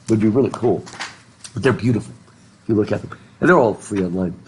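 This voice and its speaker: A middle-aged American man lecturing in a classroom, animated, reading passages aloud and joking with his students. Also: on the low side, fast talker, husky. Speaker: literature professor.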